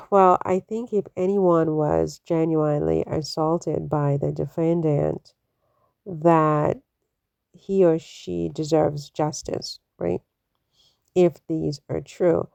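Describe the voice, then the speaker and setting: A woman hosts an opinion commentary channel, skeptically firing off rhetorical questions with lots of fillers and "you know"s. Her voice sits low, gravelly and darkish, with fairly even intonation and a slow pace, on a dry recording.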